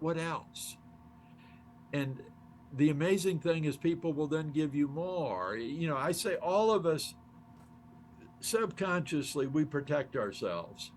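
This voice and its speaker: A man's voice: on the high side, a little hiss or hum. An older man, a guest on an interview, telling stories with enthusiasm, acting out quoted dialogue and laughing often. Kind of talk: animated storytelling in conversation.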